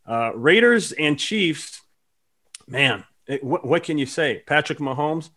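A man's voice: fairly high pitch, slow pace. A man hosting a casual sports chat, telling stories with lots of fillers. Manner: animated storyteller with lots of fillers. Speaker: podcast host.

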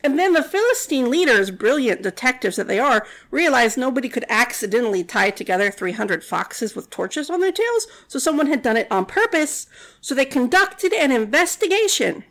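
Woman storyteller, high-pitched, casual and wry, peppered with fillers. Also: big pitch swings, moderate pace, fairly bright tone. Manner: chatty and sarcastic, many "like" fillers. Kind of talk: casual retelling of a Bible story.

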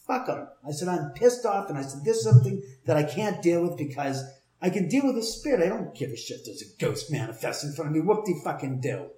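A man telling a long story in casual conversation, heated, profane and animated. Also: a little high, fast. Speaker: storyteller, homeowner with a haunted house. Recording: roomy echo.

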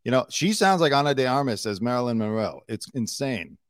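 A man's voice: medium pitch, expressive, a little fast, slight background noise. A man hosting a casual news commentary show, chatting and mocking clips with plenty of fillers.

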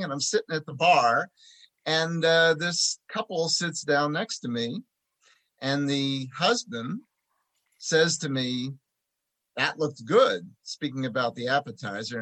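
A man's voice: fairly high pitch, moderate pace. A man from Philadelphia who works as a tax preparer, telling road-trip stories as a guest in a conversational interview. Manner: chatty anecdotal storyteller, animated when telling jokes.

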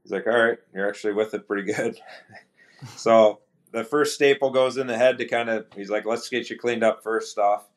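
A middle-aged man, a retired hockey player, telling stories as a podcast guest in a relaxed, anecdotal way and acting out quoted dialogue. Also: lowish voice, moderate pace. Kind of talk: casual storytelling interview.

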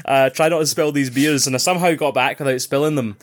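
A man talks in a casual podcast chat. He tells stories with animated energy, swears freely and mimics the shouts of people around him. His pitch sits in an ordinary middle range. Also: fast. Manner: animated storytelling, heavy swearing, acts out others' shouts. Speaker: podcast co-host.

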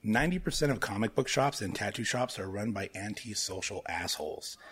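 A man in his thirties with a husky, somewhat low voice, talking as a podcast guest. He tells stories in a loose, animated way and swears freely as he rants. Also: a little fast. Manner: profane, animated storyteller who mimics people. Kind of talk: casual podcast chat.

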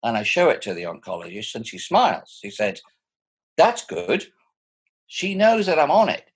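Husky man in his sixties, lively tone. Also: mid-range voice, fairly quick. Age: 60s. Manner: thoughtful, animated, chuckling often. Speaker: interviewee. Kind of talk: reflective personal conversation. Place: at home.

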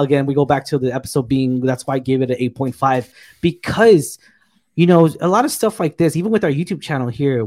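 A man's voice: mid-range voice, a little mellow. A man co-hosting a casual TV review chat, retelling scenes in a rambling, filler-heavy, enthusiastic way. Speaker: podcast co-host reviewing a TV episode.

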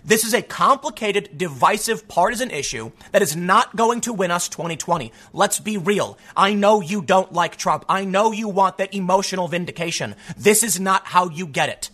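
A man's voice: high-pitched, moderate pace, few pauses. A man hosting a show and delivering an opinionated monologue, emphatic, acting out quotes in the voices of others. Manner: animated, emphatic, acts out quotes. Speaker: political commentator host.

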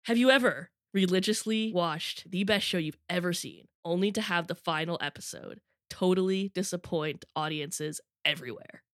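A woman's voice: fairly low pitch, normal speed, few pauses, fairly bright tone, no echo, clean studio sound. A young woman with a cold co-hosting a casual podcast, chatty and playful, laughing often. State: has a cold, losing her voice. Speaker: podcast co-host.

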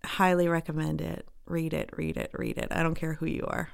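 A woman's voice: deep voice, flat delivery, fairly quick, vocal fry, smooth. A woman co-hosting a book podcast, speaking emphatically and earnestly in casual chat, with blunt asides.

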